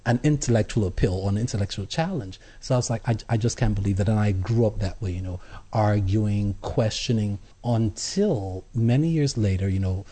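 A man telling his personal faith story as an interview guest, earnest, with halting restarts. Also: on the low side, dark tone. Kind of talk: personal testimony in conversation.

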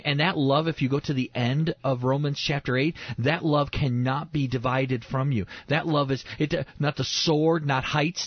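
A man's voice: mid-range voice, husky, dry recording, lo-fi sound. A man who is a pastor, preaching earnestly in an interview and repeating his key phrases for emphasis.

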